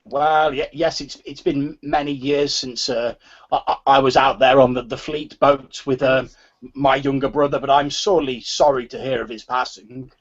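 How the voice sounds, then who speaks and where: A man voicing a frail, rambling old nobleman who stammers and repeats his words in a high, quavering voice. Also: steady tone, normal speed, dull audio, close to an everyday voice.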